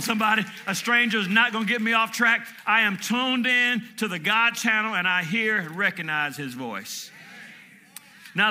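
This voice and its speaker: A man in his fifties preaching a sermon from Michigan, shouting call-and-response lines and chanting repeated words. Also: sits high, a little hiss or hum. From Michigan, USA. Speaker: pastor.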